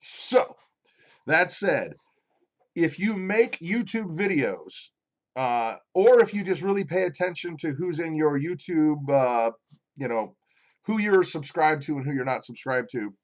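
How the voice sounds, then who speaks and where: A middle-aged man hosts a casual live stream in a slightly high voice, rambling along and reading viewer comments aloud. The sound is dull and lo-fi. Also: sing-song, measured pace. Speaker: livestream host.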